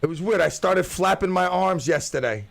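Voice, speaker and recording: Gravelly high-voiced joking radio host. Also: male voice, normal speed. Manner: joking, rambling, playful tall tales. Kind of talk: solo radio talk show.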